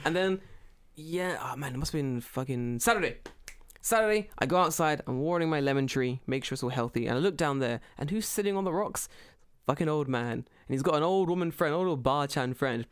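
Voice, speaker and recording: Animated, swearing podcast host. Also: male voice, on the high side, a little fast, clean tone. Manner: animated, profane storytelling with lots of put-on voices. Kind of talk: casual chat.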